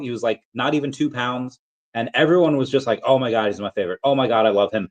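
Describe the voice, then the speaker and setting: A man's voice: medium pitch, quick pace. A man hosting a casual livestream, rambling and thinking aloud with lots of fillers as he reads chat messages. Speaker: crypto livestream host. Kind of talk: casual livestream chat reading super chats.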